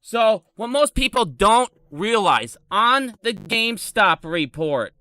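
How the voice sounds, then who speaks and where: A man's voice: high-pitched, sing-song, slow pace, bright, forceful tone, no echo, clean studio sound. A man in his thirties ranting on a live stream, angry and heavily profane. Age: 30s.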